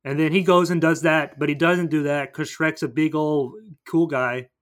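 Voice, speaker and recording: A man rambles through a movie plot in casual podcast chat, slipping in quick character voices. His voice sits a little on the high side for a man. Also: steady tone. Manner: rambling storytelling, acting out characters. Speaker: podcast co-host.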